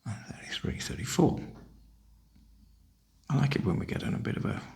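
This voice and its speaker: An older man, softly half-whispering a wry, chatty ASMR ramble. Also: mid-range voice, big pitch swings, normal speed, creaky, breathy edge. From northern UK. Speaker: ASMR host.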